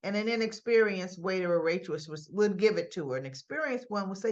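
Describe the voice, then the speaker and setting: A woman's voice: medium pitch, expressive, a little fast, few pauses. A woman at home, recapping soap opera episodes in a chatty, wandering way that often checks in with "right?". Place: at home with her dog. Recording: slightly dull lo-fi sound.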